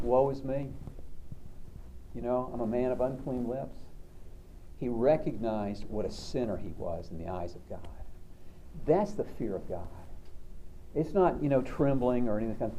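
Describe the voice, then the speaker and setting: A man's voice: mid-range voice, warm tone, slight background noise, low-quality recording. A man counselor giving a sermon-like talk, conversational and storytelling, often repeating words.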